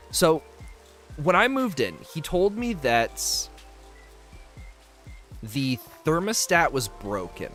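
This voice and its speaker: Fairly high and fairly bright, this twentysomething man's voice carries his casual livestream chat as he plays a game. He's chatty, reading out viewer messages, responding to them, and laughing readily through his stories.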